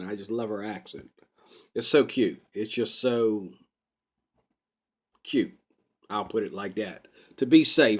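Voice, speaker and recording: A man talking to camera in a rambling personal vlog, unscripted and full of drawn-out ums. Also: medium pitch. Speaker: vlogger. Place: Pittsburgh.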